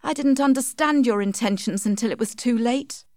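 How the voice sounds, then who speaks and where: A woman's voice: fairly high pitch, normal speed, a little mellow, dry recording, studio quality, voice pushed up, natural voice. A woman voicing a young village woman, ashamed and bitter, tearful and pleading in a raised voice. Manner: tearful, pleading, rising to anger.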